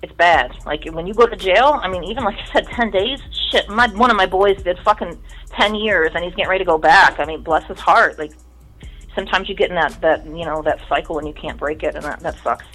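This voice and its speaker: A woman's voice: lowish voice, a little fast, soft background music, rough recording. A woman guest in casual chat, telling stories bluntly with lots of swearing and acted-out voices. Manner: blunt, profane storytelling with lively mimicry.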